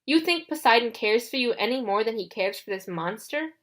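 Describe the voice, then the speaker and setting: A woman reading an audiobook, voicing a smooth, mocking young male villain who taunts the heroes. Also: fairly high pitch, lively intonation, fairly quick, a bit bright. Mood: taunting.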